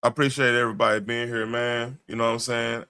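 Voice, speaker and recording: A man hosting a late-night livestream talks bluntly and loosely in slang, often restarting his sentences. His voice sounds tired and worn, though its tone stays bright. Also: mid-range voice, level tone, quick pace, smooth. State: tired, voice wearing out. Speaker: livestream host.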